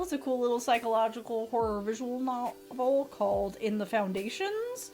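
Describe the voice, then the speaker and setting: A woman streaming a horror visual novel, reading its journal entries aloud in a subdued voice and chatting warmly with her viewers. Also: a little high, lively intonation, normal speed, few pauses, faint music behind.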